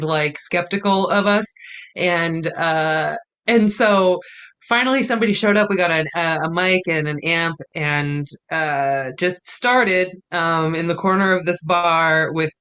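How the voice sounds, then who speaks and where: A woman's voice: fairly low pitch, fairly bright tone. A woman comedian, a podcast guest, telling a story in a casual, rambling way full of "like". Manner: rambling, many "like" fillers.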